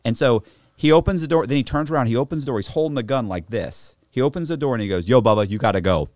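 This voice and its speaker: A man telling a story to a podcast host, animated and full of slang and restarts, in a studio. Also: mid-range voice, fast talker, no room sound. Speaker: podcast guest. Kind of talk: casual storytelling.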